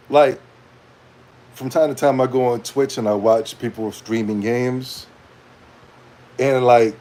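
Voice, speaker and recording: A young man with a mid-range voice rants casually to camera as a gaming commentator. He's animated and rambling, using slang and laughing often.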